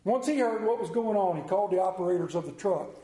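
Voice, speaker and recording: A man's voice: high-pitched, lively intonation, quick pace, mellow, echoey room. A man preaching a sermon in a church, telling a folksy story and asking the congregation questions. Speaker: pastor. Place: church sanctuary.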